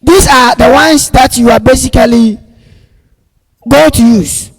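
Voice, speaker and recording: A man teaching a grammar lesson, repeating each point slowly and stressing key words loudly. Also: very high voice, breathy edge. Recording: long reverb, echoey room.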